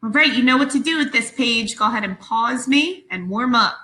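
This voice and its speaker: A woman teacher giving a recorded phonics lesson to her class, speaking slowly, clearly and patiently. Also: a little high, lively intonation, sharp tone, echoey room, low-quality recording.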